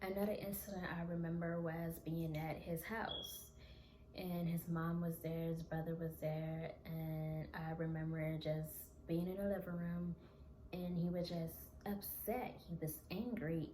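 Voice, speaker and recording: Woman vlogger telling her story, earnest and halting, lowish voice, noisy echoey room. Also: fairly even intonation, warm tone. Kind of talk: personal storytelling.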